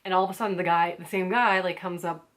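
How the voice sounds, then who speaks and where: A woman's voice: on the low side, steady tone, fast, a bit bright. A young American woman casually telling a story to her viewers, full of "like" and acted-out quotes. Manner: chatty, lots of "like", acts out quotes. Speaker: vlogger.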